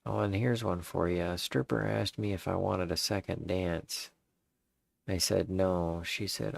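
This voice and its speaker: A man casually working out jokes in a deadpan way, stopping to rework punchlines. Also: sits low, a little slow, no room sound. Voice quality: gravelly, husky. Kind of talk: casual joke drafting.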